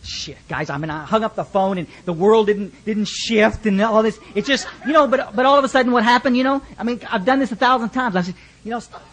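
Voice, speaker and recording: Husky high-voiced Texan man sharing his story. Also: a little fast, few pauses, a bit bright. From Texas, USA. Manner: folksy, joking, lots of restarts. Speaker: recovery meeting speaker. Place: recovery fellowship meeting.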